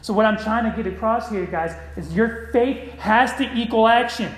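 A man's voice: sits high, moderate pace, echoey room, poor audio. A man preaching a sermon, calling out to his congregation. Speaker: pastor.

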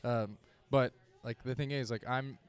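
A man's voice: medium pitch, steady tone, a little slow, smooth. A candid, rambling young man. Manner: candid, rambling, hesitant restarts. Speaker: comedian guest. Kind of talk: casual chat.

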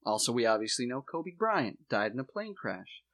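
A man hosting a comedy podcast, laying out a mock conspiracy theory in a deadpan voice with dramatic emphasis. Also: mid-range voice, moderate pace.

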